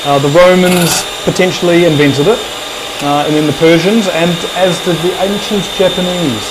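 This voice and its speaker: A woman with a New Zealand accent reads viewer comments in a relaxed, hesitant way, often pausing on ums. A clear, steady hum runs behind her voice. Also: on the low side. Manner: easygoing, hesitant, full of ums. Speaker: co-host reading viewer comments. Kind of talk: casual chat.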